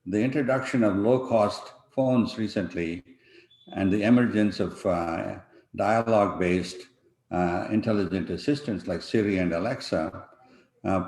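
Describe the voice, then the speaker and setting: A man giving an online conference talk over a video call, pausing often with fillers and restarting his sentences. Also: lowish voice, a little mellow. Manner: halting, many fillers and restarts. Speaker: conference panel speaker. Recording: echoey room.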